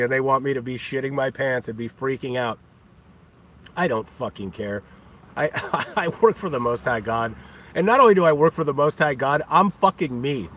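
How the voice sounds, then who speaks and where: A man's voice: mid-range voice, fairly bright tone, slight background noise. Guy ranting on a livestream, mid voice, mocking and cussing, keeps laughing, faint car sounds behind. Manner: scornful, taunting, laughs often between lines. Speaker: livestream host. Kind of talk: profane livestream rant.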